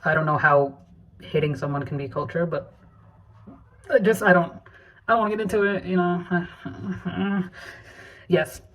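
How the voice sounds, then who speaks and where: Young female YouTuber, casual chat, hushed questions, animated rambling rants. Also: fairly low pitch, a little slow, long pauses. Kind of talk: casual vlog chat, taking a quiz.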